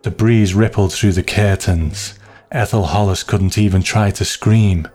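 A man narrating a story in a slow, measured, hushed way. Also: fairly low pitch, steady tone, soft background music.

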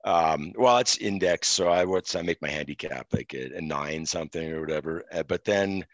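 A middle-aged man from Quebec, a former referee, telling stories in a relaxed interview with many fillers. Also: low voice, normal speed, no room sound, muffled recording. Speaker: podcast guest, former hockey referee. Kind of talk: casual interview storytelling.

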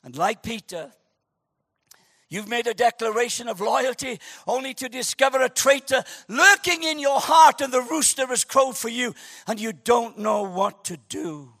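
A man preaching a sermon, animated and joking, who shouts for emphasis. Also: extremely high pitch, normal speed, husky, no room sound, clean studio sound. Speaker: pastor.

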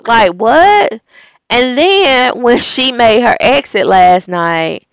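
A woman recapping a reality show in a sassy, exasperated way, piling on rhetorical questions. Her voice has a gravelly fry and she takes her time with it. The recording is dry and close, with no room sound. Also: a little high, sing-song, takes it slowly, no echo. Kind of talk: casual opinionated recap.

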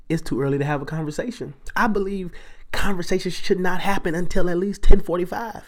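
A man hosting a podcast, telling a story in a casual, animated way and jumping into exaggerated voices for the people in it. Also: sits high, a little fast. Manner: animated, jumps into exaggerated character voices and back. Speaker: podcast host.

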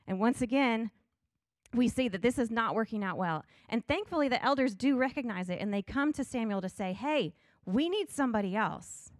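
A woman's voice: a little high, a little fast, no room sound, studio quality. A middle-aged woman teaching a Bible study in an earnest, conversational way, reading scripture passages aloud.

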